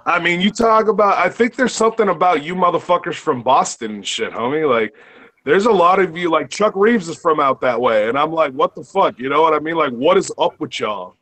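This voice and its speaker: Man from sonora, mid-high voice, taunting heated arguer. good for a podcast feud. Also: expressive, a little fast, sharp tone. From northern Mexico, Sonora area. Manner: taunting, repeats jabs, heavy cursing. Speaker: podcast guest. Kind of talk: heated argument.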